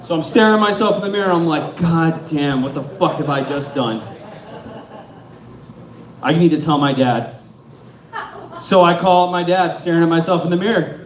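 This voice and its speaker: A man's voice: a little high, normal speed, long pauses. A young man from Connecticut performing a crude, profane stand-up set on a club stage. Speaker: stand-up comic. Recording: echoey club room, dull sound.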